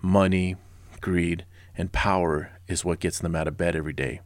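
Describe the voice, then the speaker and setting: A man's voice: low voice, fairly even intonation, normal speed, no echo. A man in his forties from Southern California, narrating history with blunt sarcasm and casual personal asides. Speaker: podcast host.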